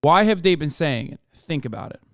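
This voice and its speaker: A male streamer talks politics in a blunt, argumentative way, swearing freely as he answers his chat. His voice sits a little high and comes through smooth and resonant. The sound is close and dry. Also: very animated, a little fast, no room sound. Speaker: livestreamer. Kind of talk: casual political commentary to chat.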